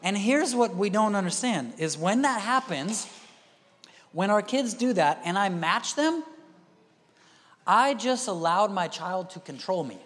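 A male pastor giving a conversational sermon, dropping to quiet asides and rising to loud emphatic bursts. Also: high-pitched, animated, a little slow. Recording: reverberant hall.

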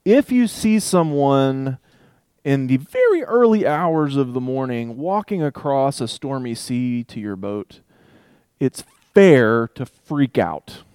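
A man's voice: medium pitch, very animated, takes it slowly, a little mellow, clean tone, dry recording. Man casually teaching scripture, dry sound. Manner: conversational, thinks aloud with restarts and asides. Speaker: Bible teacher. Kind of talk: casual Bible study talk with scripture reading.

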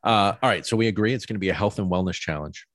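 A man hosting a casual podcast chat with friends, relaxed, swearing now and then and steering the group. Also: low-pitched, very fast, no room sound, clean studio sound. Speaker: podcast host.

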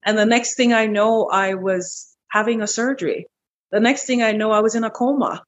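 A middle-aged woman guest in an interview, telling a personal story in a lively, animated way, repeating words as she goes. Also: moderate pace, dull audio, slight background noise. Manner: animated, breaks into high quoted voices, repeats words. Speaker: interview guest, wellness clinic owner.

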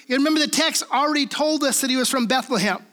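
A woman pastor from the Pacific Northwest delivers a relaxed teaching sermon with a high, bright voice. She talks conversationally and keeps checking in with her listeners. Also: fast. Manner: casual, checks in with listeners through frequent tag questions.

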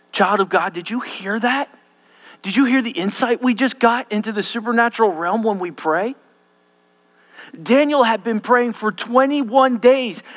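A man's voice: very high-pitched, a bit bright, big-room sound. A man preaching an expository sermon, emphatic and often checking in with his listeners.

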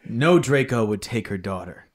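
Brief: podcast co-host, animated reader with a swooping pitch. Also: male voice, moderate pace. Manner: animated, laughing often. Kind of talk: reading aloud and joking banter.

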